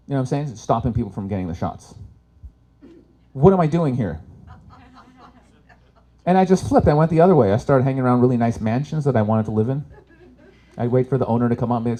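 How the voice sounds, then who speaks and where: A male stand-up comedian working a live crowd from an event stage. He swears freely and jumps from loud punchlines to quiet, muttered asides, with a mid-range voice. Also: fast. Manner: profane, swings between loud punchlines and low asides.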